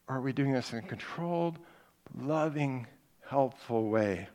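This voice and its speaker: Middle-aged male preacher, conversational sermon delivery, animated storyteller. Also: mid-range voice, a little slow.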